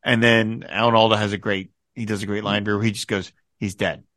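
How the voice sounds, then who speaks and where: A man's voice: on the low side, brisk, dry recording, clean studio sound. A man hosting a casual podcast, enthusiastically recapping a TV episode and acting out lines of dialogue. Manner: enthusiastic, quotes dialogue in animated bursts. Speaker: podcast host.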